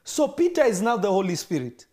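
Preacher guy, super lively voice, swings up and down, acts out the people in his sermon. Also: sits high, fairly quick. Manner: animated, acts out dialogue in varied voices.

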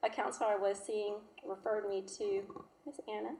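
A woman in her thirties, a mother telling her personal story in an emotional, halting, heartfelt way. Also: medium pitch, fairly even intonation, mellow, a little hiss or hum. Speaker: mother sharing her testimony. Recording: roomy echo.

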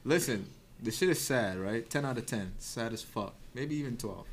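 A man's voice: medium pitch, animated, normal speed, slight background noise. A man, co-hosting a podcast in casual chat, telling stories loosely with restarts and swearing. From New York. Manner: storytelling, rambling with restarts and swearing. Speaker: podcast co-host.

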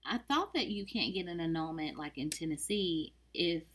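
A woman's voice: on the low side, lively intonation, moderate pace, a bit bright, breathy edge. A woman co-hosting a casual podcast, giving blunt, joking takes on a reality TV show in a slangy, offhand way. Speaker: podcast co-host. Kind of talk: casual chat about reality TV.

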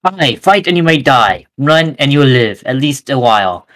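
A fiery Scottish rebel warrior rallies his men, as a teen boy puts him on. The speech is slow and swelling, with the pitch climbing high as it builds toward a shouted cry. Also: big pitch swings. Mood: rousing. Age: teens.

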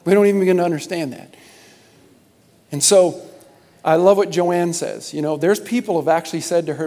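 A male pastor addressing his church with fervent, halting energy, stumbling over repeated words before building to loud, emphatic peaks. His voice sits a little high for a man and rings with the long reverb of a large sanctuary. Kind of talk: sermon announcements to a congregation.

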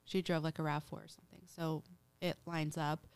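A woman's voice: low voice, little pitch movement, brisk, vocal fry, clean tone. A woman hosting a casual podcast, retelling a true-crime case in a chatty way with lots of "like" and acted-out quotes. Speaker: podcast host.

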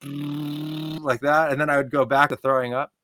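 Excitable man telling a wild story. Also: a little high, moderate pace, no room sound. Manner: excitable, repeats "like" often. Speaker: podcast guest, shaman. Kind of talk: animated personal storytelling.

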